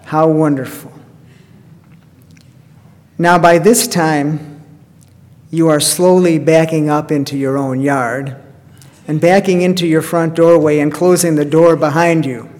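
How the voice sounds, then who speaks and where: A man's voice: a little high, fairly even intonation, unhurried, pauses often, a little mellow. A pastor preaching a sermon in a folksy storytelling way, asking his listeners rhetorical questions. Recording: reverberant church hall.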